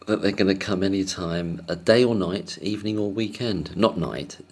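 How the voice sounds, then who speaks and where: A man's voice: low-pitched, normal speed. A man telling a casual, rambling story to camera, hesitant and self-deprecating, chuckling often. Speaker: vlogger.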